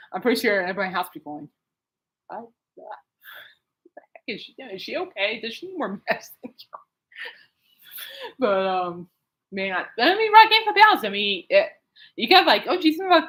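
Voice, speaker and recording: Rambling, excitable woman podcaster. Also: mid-range voice, rough recording. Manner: rambling, lots of fillers and laughs, excitable. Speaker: podcast host. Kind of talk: casual rambling monologue. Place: home at night.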